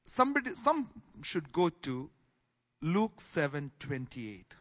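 A man teaching a Bible class in sermon style, swinging from soft asides to loud exclamations. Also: a little high, big pitch swings, slow.

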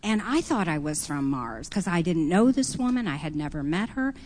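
A woman on a church panel tells her story in a calm, reflective way, taking her time. Her voice sits a little low for a woman. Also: normal speed, slight background noise. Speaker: panelist, prophetic minister.

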